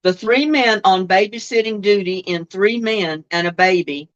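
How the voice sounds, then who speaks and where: A woman's voice: medium pitch, moderate pace. An older woman, chatting as host of a live-streamed trivia session, reading questions aloud and answering viewers' comments. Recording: dull lo-fi stream audio.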